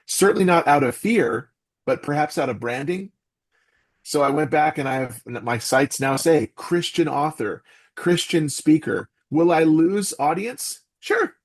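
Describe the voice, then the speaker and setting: A man's voice: fairly high pitch, unhurried. A middle-aged man talking earnestly as a podcast guest, acting out little quotes as he speaks. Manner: earnest, animated, with quoted asides. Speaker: podcast guest, author and voice actor. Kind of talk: casual interview talk.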